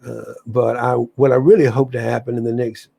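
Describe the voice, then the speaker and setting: A man hosts a casual spiritual livestream in a mellow, dark voice with a gravelly, husky texture. He talks enthusiastically and rambles, often breaking off and restarting his sentences. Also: medium pitch, little pitch movement, moderate pace. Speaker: livestream host.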